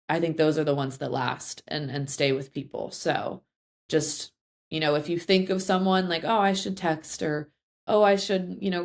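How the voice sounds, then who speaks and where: A woman's voice: low-pitched, creaky. A young woman, a head coach, telling stories in a casual interview, chatty with many fillers and restarts. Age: young adult. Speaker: head field hockey coach.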